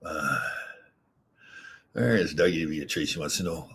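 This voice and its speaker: A man's voice: very deep voice, moderate pace, creaky, fairly bright tone, a little hiss or hum. A middle-aged man hosting a rambling, casual live stream, reading comments aloud and giggling often. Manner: giggly, rambling, laughs often between lines. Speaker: host reading live chat.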